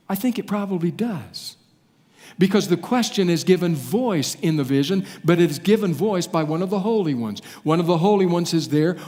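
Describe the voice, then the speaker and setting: A male pastor delivering a sermon, dramatic with long pauses and phrases that fall away at the end. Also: a little high, a little mellow, long reverb tail.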